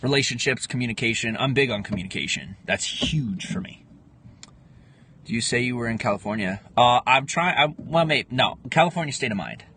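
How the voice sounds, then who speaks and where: A man's voice: mid-range voice, expressive, brisk, sharp tone, a little hiss or hum. Chatty young man on a livestream. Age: 20s. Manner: rambling, answers viewer comments. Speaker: livestream host. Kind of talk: casual livestream chat. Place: home livestream, in Pennsylvania.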